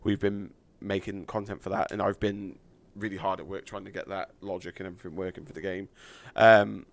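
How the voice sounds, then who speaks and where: A man chatting on a live game stream, thanking donors with lots of fillers, a little hoarse from losing his voice. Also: deep voice, level tone, brisk.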